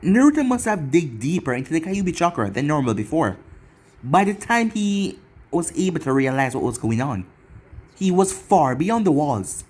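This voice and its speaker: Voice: mid-range voice, sing-song, normal speed, a little mellow. A narrator reading an action fan fiction story in long run-on sentences. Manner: run-on storytelling with a casual aside to viewers.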